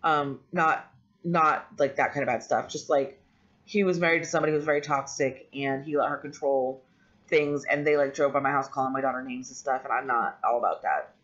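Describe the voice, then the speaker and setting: A woman's voice: a bass voice, fairly even intonation, fairly quick, fairly bright tone. A woman vlogger telling a personal story in a candid, rambling way, with frequent ums and restarts. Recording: dull lo-fi audio.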